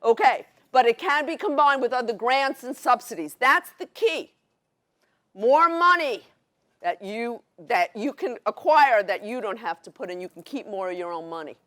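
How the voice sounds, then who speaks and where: A middle-aged woman with a Brooklyn accent, giving an excited, fast-paced educational presentation to a workshop audience. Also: on the high side. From New York City. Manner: fast, excited, New York directness.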